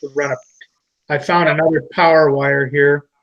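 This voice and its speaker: A man with a slightly high voice talks himself through a task, asking questions as he goes. The sound is dull and lo-fi. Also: level tone, normal speed, fairly bright tone. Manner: thinks aloud, asks questions while working. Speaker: hobbyist building a drone on stream. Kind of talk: casual chat.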